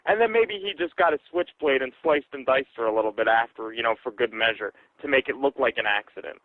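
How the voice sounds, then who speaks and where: A man's voice: medium pitch, animated, fast. A man co-hosting a podcast in casual chat, bantering bluntly and crudely. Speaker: podcast co-host. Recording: tinny phone-like sound.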